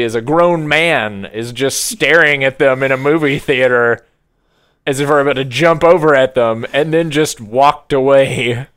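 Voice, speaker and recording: Smooth-voiced young man telling animated stories. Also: a little high. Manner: animated storytelling, laughs often. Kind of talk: casual chat.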